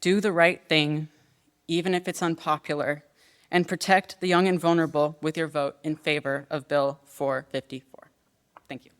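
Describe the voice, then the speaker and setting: Young woman in her 20s testifying, smooth clear voice, earnest, long echo of a hearing room. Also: low-pitched, fairly even intonation. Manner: earnest and measured, with hesitant fillers when answering. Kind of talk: formal testimony, then answering questions.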